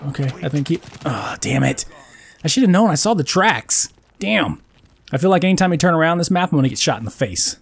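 A man's voice: fairly high pitch, lively intonation, fast, gravelly, husky, no echo. A man hosting a gaming channel, giving casual, joking commentary while he plays and swearing when things go wrong. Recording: faint noise with game gunfire behind.

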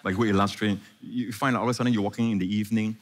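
A man preaching a sermon as pastor, animated, often asking the congregation questions and calling for amens. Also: lowish voice, very fast, in a large hall.

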